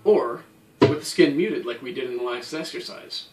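A man's voice: medium pitch, normal speed, loud music behind the voice. Guy teaching drums, patient step by step, kinda far from the mic, echoey room. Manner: patient, step-by-step, counts beats aloud. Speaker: drum teacher. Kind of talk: instructional explanation. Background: drum playing.

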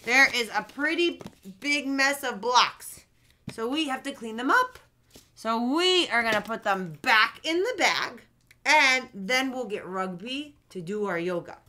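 Young woman doing a kids' lesson, high lively voice, super slow and sing-songy. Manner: slow, sing-song, exaggerated speech sounds. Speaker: children's speech teacher. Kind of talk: playful lesson for young kids. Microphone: camera in front, leaning close at times.

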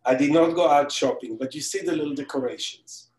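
Chatty chef in an echoey kitchen. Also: male voice, on the high side, fairly quick, darkish tone. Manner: chatty, joking asides while working. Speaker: celebrity pastry chef. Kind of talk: live online baking demonstration. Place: his home kitchen. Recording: echoey kitchen, distant mic.

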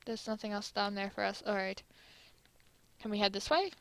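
A young woman playing a game and reading its lines aloud, giggly and excitable. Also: mid-range voice, moderate pace. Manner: giggly and excitable, reads all characters. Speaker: let's play gamer.

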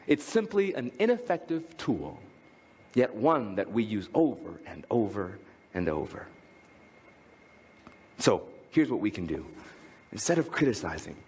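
A man's voice: slightly rough, big-room sound. A man preaching a sermon as pastor, telling a family story and reading a poem aloud with big swings in tone. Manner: lively, swings from high to low when reading aloud. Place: church.

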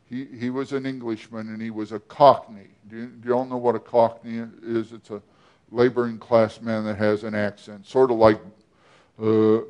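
Man, pastor, sermon, slow deliberate delivery, asks the congregation questions. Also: mid-range voice, a little mellow.

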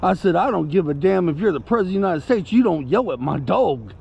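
High gravelly man ranting casually. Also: animated, fast talker, darkish tone, muffled recording. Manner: indignant, rambling, talks to his puppy mid-story. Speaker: vlogger. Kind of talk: casual storytelling to camera.

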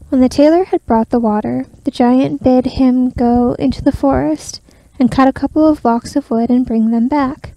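A woman gently reading a fairy tale aloud in a soft ASMR style, close to the microphone, partly whispered. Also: high-pitched, steady tone, normal speed, dry recording, low-quality recording. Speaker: ASMR storyteller.

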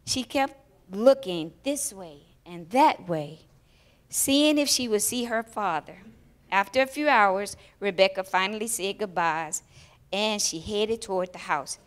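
Woman reading a children's story expressively. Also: mid-range voice. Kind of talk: children's story read aloud in church.

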